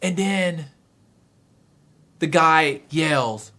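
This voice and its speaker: Brief: a male reviewer with a high voice, retelling a chapter like a storyteller. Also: a little slow. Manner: animated storytelling, excitable. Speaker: manga reviewer. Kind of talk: dramatic recap and review.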